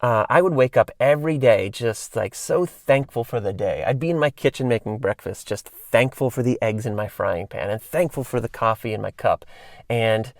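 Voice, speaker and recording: A man's voice: medium pitch, moderate pace, no echo, clean studio sound. A man in his thirties, hosting a solo podcast and telling rambling casual stories full of fillers and tangents. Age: 30s. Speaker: podcast host.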